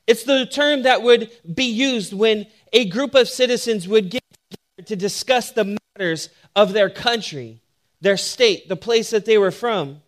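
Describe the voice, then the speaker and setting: High-voiced man preaching a sermon. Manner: humorous storytelling, animated when telling the joke. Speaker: pastor. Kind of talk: sermon with personal story.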